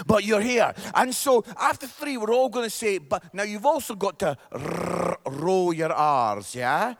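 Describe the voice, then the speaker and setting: A middle-aged man with a Scottish accent preaches to his congregation in a very high voice. He is lively and playful, teasing the room and checking in with a quick "yeah?" between points. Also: creaky. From Scotland. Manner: lively, jokey with the congregation, tag questions like "yeah?". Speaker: pastor. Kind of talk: sermon.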